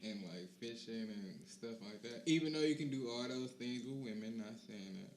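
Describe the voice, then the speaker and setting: A young man co-hosts a podcast in a loose, rambling way, his sentences often fading out quietly. The room rings noticeably around his voice, with a faint hiss underneath. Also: mid-range voice, normal speed, reverberant. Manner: laid-back, rambling, trails off quietly. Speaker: podcast co-host. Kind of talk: casual chat.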